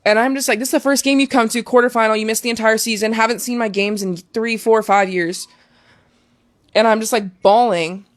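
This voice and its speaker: A woman's voice: on the high side, fairly even intonation, fairly quick, no echo. Young woman telling a personal story, dry close sound. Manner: emotional, filler-heavy storytelling. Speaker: guest. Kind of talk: casual storytelling.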